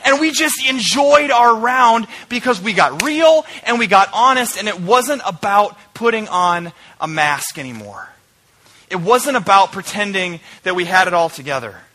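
A man preaching a sermon, telling a personal story and swinging between loud animated bursts and quiet, earnest reflection. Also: high voice. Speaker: pastor.

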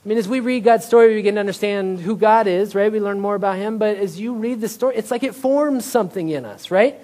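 Speaking quickly in a high-pitched, darkish voice, a male pastor preaches conversationally. He often asks "right?" and makes jokes about himself.

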